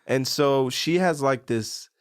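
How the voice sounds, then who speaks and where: A man's voice: mid-range voice, slow pace, smooth, no echo, studio quality. Enthusiastic young man guest, slangy. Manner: enthusiastic, slangy, jokey reactions. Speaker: podcast guest. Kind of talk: casual movie review chat.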